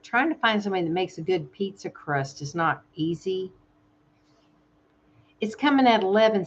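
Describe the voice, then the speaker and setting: A soft-spoken woman with a Southern American drawl chats easily with her viewers during a home live stream. She talks warmly and a little emotionally. The stream audio sounds slightly dull. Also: on the low side. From Southern United States. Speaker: ASMR channel host. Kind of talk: casual live-stream chat. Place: home in Thailand.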